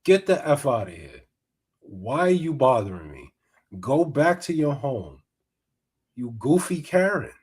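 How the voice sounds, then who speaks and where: A man voicing a gruff, annoyed male worker brushing someone off. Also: medium pitch, sing-song, a little slow, a little mellow. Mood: dismissive.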